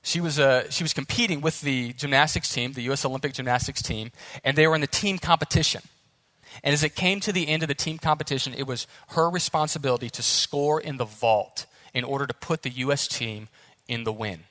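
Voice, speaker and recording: A young man preaching a sermon as pastor, earnest and animated, speeding up as the story builds. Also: mid-range voice, fairly quick, no echo.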